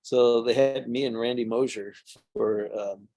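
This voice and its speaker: Gravelly-voiced middle-aged man telling stories. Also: mid-range voice, fairly even intonation, unhurried, warm tone. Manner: rambling anecdotes with fillers and restarts. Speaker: guest mead maker. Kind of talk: casual storytelling during a tasting.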